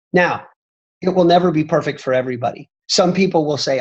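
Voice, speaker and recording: A man gives a motivational talk on a training call, leaning hard on his points and repeating them for emphasis. His voice sounds a little husky. The audio is dull and muffled. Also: on the high side, fast. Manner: emphatic, repeats "I'm telling you". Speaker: company executive answering questions.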